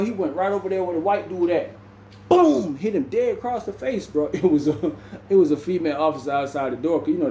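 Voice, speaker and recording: A man's voice: on the high side, warm tone, a little hiss or hum. Laid-back young man in an echoey room. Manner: laid-back, says "bro" constantly, acts out other people's lines. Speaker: vlogger. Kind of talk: casual storytelling to camera.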